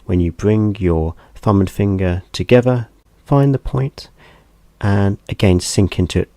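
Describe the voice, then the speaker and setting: A man teaching a gentle hand massage, speaking in a soft, unhurried, calm instructional way. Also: lowish voice, dry recording.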